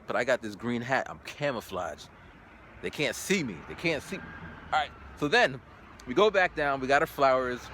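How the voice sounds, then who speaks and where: Lively male vlogger telling a story outdoors. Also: noisy background. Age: 40s. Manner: animated, acts out sounds and voices with big pitch jumps. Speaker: English teacher in Japan. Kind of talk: casual storytelling vlog.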